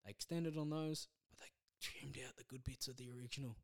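A man hosting his own podcast, rambling casually through a movie review with self-deprecating asides and halting restarts. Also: mid-range voice, fairly even intonation, vocal fry, a little mellow. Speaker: podcast host.

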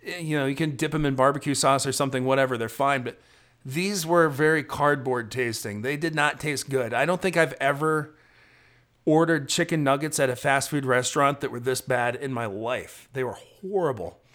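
A man's voice: mid-range voice, normal speed, fairly bright tone. Tired man rambling into his phone while driving. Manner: chatty, rambling, self-deprecating. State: tired, drowsy. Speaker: travel vlogger. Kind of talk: casual driving monologue. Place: inside a car at night, driving in rain.

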